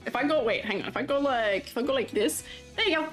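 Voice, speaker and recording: A fairly high-voiced woman streaming live, with a lively voice that bounces up and down as she chats. She giggles often and teases her chat playfully. Soft music plays faintly behind her. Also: fast. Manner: giggly, chatty, reads viewer comments aloud. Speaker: streamer reviewing avatar designs. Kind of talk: casual live-stream chat while drawing. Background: faint background music.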